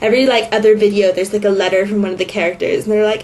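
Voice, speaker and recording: A woman's voice: mid-range voice, little pitch movement, rapid-fire, few pauses, a little mellow, slight background noise. A woman vlogging in a casual, sarcastic recap voice, with valley-girl style speech. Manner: sarcastic, snarky.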